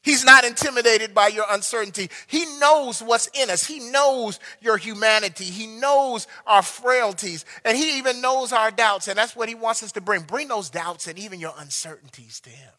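A man preaching a sermon, impassioned, swinging between loud bursts and hushed lines. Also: high-pitched, moderate pace. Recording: long hall reverb.

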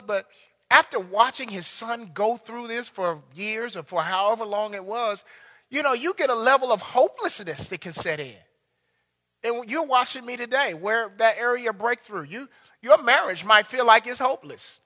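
High bright-voiced guy preaching, goes loud then quiet, big reverb like a church hall. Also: expressive, moderate pace. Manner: impassioned, swings between loud bursts and hushed lines. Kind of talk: sermon.

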